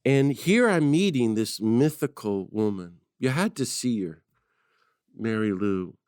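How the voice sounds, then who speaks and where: Lively storytelling priest, dry close sound. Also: male voice, mid-range voice, a little slow, clear, resonant tone, no room sound. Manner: lively storyteller who laughs and acts out quotes. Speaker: priest and peace activist guest. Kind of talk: conversational storytelling.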